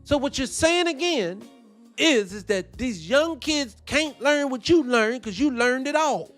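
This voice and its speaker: A man hosts casual reaction commentary in a high, very lively voice. He swears freely and piles up rhetorical questions. Faint music plays behind him. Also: measured pace. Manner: animated, profane, rhetorical questions. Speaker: host.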